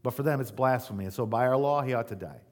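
A man's voice: medium pitch, quick pace, darkish tone. A man preaching a sermon, reading scripture aloud and breaking off for casual asides and rhetorical questions. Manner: conversational asides with rhetorical "right?". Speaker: pastor.

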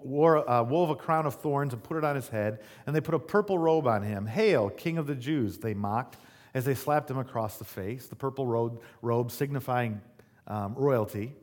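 A man's voice: mid-range voice, a little mellow. A man preaching a sermon, reading scripture aloud and breaking off for casual asides and rhetorical questions. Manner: conversational asides with rhetorical "right?". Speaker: pastor.

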